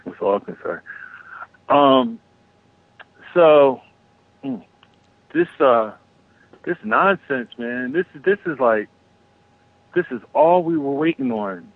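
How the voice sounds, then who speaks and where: A man's voice: medium pitch, big pitch swings, slow pace, long pauses, no room sound. A man calling in to a talk radio show, rambling and swearing through an opinionated rant with lots of restarts. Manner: rambling, profane, restarts often. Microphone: phone. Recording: tinny phone line.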